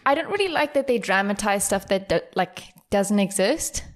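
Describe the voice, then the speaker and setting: A woman's voice: medium pitch, lively intonation, normal speed. A young woman co-hosting a casual podcast in an easygoing way. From South Africa. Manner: easygoing, laughs often. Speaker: podcast co-host. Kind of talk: casual chat.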